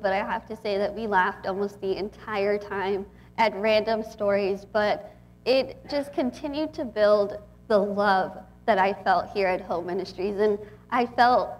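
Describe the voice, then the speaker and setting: A young woman in her twenties from Texas speaks to a gathering as a guest speaker. She talks in a chatty, heartfelt way, and her voice sits a little high. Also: a little hiss or hum. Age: 20s. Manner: chatty, warm and emotional, with frequent laughs. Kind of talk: inspirational talk to an audience.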